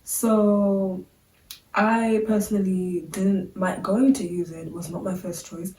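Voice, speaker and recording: A woman's voice: medium pitch, level tone, takes it slowly, mellow, a little hiss or hum. Young woman vlogging in a roomy space. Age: young adult. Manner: chatty, filler-heavy, candid. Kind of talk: casual talk to camera. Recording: roomy sound, a bit far from the mic.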